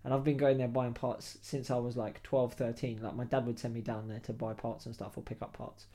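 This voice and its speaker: A man hosting a podcast, telling a story in a lively, slangy, laughing way. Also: medium pitch, fairly quick. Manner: animated, slangy, laughs while telling stories. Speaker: podcast host. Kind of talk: casual storytelling chat.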